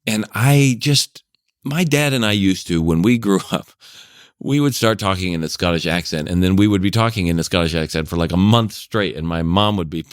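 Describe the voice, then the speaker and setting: Deep-voiced man telling rambling stories. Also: moderate pace, clean tone, no room sound, clean studio sound. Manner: rambling storyteller, chuckles often. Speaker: podcast guest, parenting coach. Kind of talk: casual chat.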